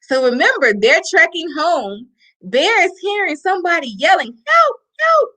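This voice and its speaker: A middle-aged woman reading a picture book aloud to children, slow and expressive, pointing out the pictures. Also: sits high. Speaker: storyteller.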